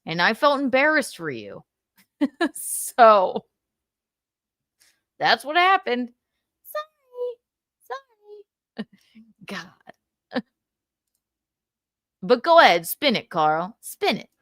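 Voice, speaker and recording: A woman's voice: a little high, very animated, drawn-out words, pauses often, a bit bright, no echo. A woman hosting a livestream, chatting and gossiping with lots of laughs, swearing and mocking impressions. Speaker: host. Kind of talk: casual gossip commentary on a livestream.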